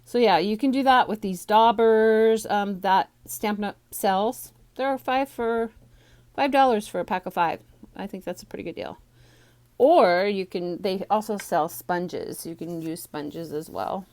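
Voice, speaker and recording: A woman's voice: mid-range voice, a little slow, a little mellow. Chatty slightly breathless woman crafter. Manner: chatty, rambling, lots of ums and restarts. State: a little out of breath. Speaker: stamping demonstrator teaching a card class. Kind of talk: casual craft tutorial. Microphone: phone on a small tripod.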